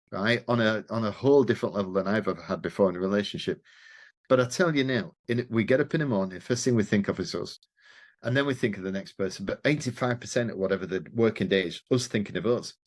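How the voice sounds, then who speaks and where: A middle-aged man, a podcast guest telling stories in casual conversation and acting out the dialogue he quotes. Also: medium pitch. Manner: animated, acts out quoted dialogue, swears casually. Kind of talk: conversational storytelling.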